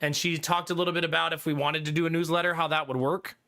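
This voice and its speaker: A man with a fairly high, bright and forceful voice, chatting casually with his live viewers. He rambles through his story with frequent laughs and casual swearing. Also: level tone, fast. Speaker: streamer.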